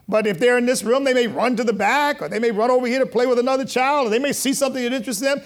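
A man, a pastor, preaching a conversational sermon, calling for amens and acting out lively quotes. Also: extremely high pitch. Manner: animated, rising loud when quoting.

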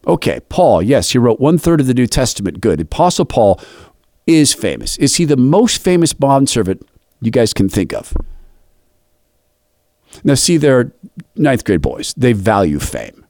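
A man's voice: mid-range voice, unhurried, dry recording, clean studio sound. A man leading a youth Bible study, telling a story in a reflective, devotional way and acting out the dialogue. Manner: animated, acts out quoted dialogue.

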